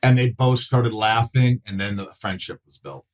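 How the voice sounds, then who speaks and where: A middle-aged man chatting on a podcast with a fairly low voice. He tells stories with energy and jumps into different voices when he quotes people. His language is loose and full of swearing. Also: normal speed, rough recording. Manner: animated, acts out quotes in voices, swears freely. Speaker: podcast guest, actor. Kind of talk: casual conversation, storytelling.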